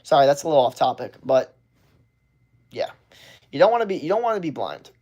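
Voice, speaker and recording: A man hosting a casual livestream, ranting bluntly with plenty of swearing and restarts, and acting out what other people say in a higher voice. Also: sing-song, a little fast, a little mellow. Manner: blunt and profane, rambling with restarts. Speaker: livestream host.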